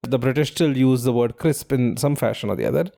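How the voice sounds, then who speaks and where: A man's voice: mid-range voice, a little fast, gravelly, dark tone. A man co-hosting a quiz podcast, giving clues and explaining trivia at length in casual chat.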